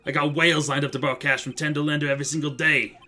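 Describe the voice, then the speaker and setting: A man voicing a brash, hot-tempered loan-shark thug in a video game, talking loud, gruff and ungrammatical. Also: medium pitch, fairly even intonation, fairly quick, lightly acted. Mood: blustering. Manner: loud, gruff, threatening, ungrammatical street talk. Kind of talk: reading game dialogue aloud.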